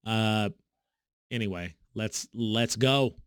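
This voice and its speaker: A man hosting a reaction video, talking sarcastically and mockingly, with sudden high swoops in his voice. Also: a little slow, no room sound, studio quality. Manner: sarcastic, mocking, animated pitch swings. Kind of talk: reaction commentary.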